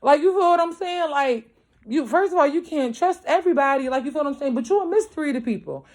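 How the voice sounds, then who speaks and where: A woman's voice: sits high, expressive, quick pace. Blunt, profane woman reading tarot. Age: young adult to middle-aged, a mother. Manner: blunt, profane, emphatic, keeps asking "you feel me"; grows louder as she gets worked up. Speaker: tarot reader. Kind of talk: casual tarot reading to viewers. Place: at home late at night.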